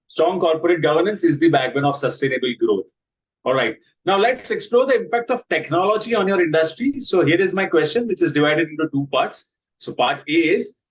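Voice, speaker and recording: A man's voice: sits high, low-quality recording. A man hosting an interview, asking questions in a formal, polished way. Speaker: interview host.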